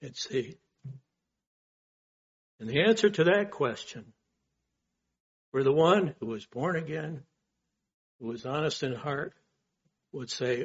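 A man delivers a sermon at an unhurried, deliberate pace, his voice slightly husky. He builds through rhetorical questions and lifts his volume on key phrases. The recording is a bit dull and lo-fi. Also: on the high side, animated. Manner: earnest, asks rhetorical questions, swells in emphasis. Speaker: pastor.

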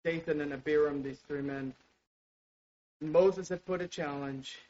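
A man preaching a sermon with passion, dropping to a hush and then rising to loud exclamations. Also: a little high, fairly even intonation, unhurried, long pauses. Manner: impassioned, swings from hushed to loud exclamations. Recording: dull lo-fi sound.

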